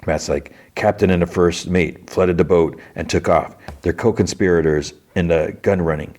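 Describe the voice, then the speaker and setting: A man hosting a podcast, casually recapping TV episodes in quick quoted bits, with fillers and restarts. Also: low voice, steady tone, darkish tone. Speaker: podcast host.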